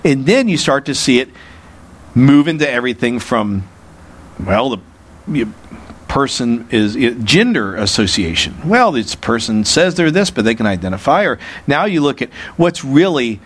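A man's voice: mid-range voice, big pitch swings, moderate pace. A male pastor teaching a sermon verse by verse in a conversational way, with frequent restarts and asides.

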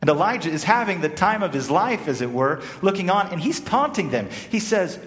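A man from South Africa preaching a sermon, animated, swinging between loud emphasis and hushed, quiet phrases. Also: fairly high pitch, fairly quick, few pauses. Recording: echoey hall with long reverb.

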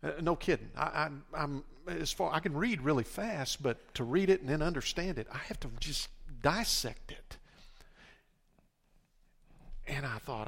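Gravelly older male pastor preaching. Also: on the high side, animated, normal speed, a bit bright. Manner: emphatic, repeats words and restarts. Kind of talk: sermon.

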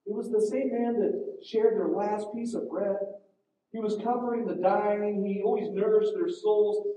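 A male preacher earnestly retells a story during his sermon and often restarts his phrases. His voice is high-pitched yet mellow. He is heard from a distance in a large, very echoey hall. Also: steady tone, unhurried, a little hiss or hum.

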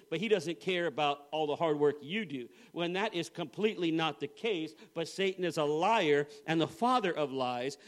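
A middle-aged male pastor with a high, light voice, preaching to a church. He tells a funny personal story, slipping into the voices of the people in it before turning to scripture. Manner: storytelling with humor, acting out quoted voices. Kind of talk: sermon.

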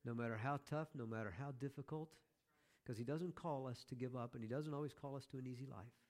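A man's voice: mid-range voice, a little fast, darkish tone. A man preaching a sermon as pastor, conversational, with joking asides to the congregation.

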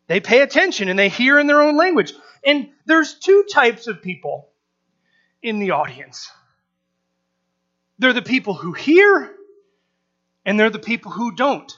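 Bright-voiced man preaching a casual sermon. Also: very high-pitched, lo-fi sound. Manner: conversational, animated, acts out crowd reactions.

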